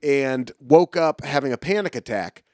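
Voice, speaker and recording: A man's voice: medium pitch, expressive, moderate pace, a little mellow, no room sound, clean studio sound. A man in his forties talking casually on a podcast, rambling with many fillers. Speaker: comedian guest.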